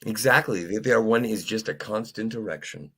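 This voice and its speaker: A man's voice: lowish voice, brisk, bright, forceful tone, breathy edge. A man in casual, joking chat with friends, riffing on silly bits. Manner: jokey, puts on silly accents.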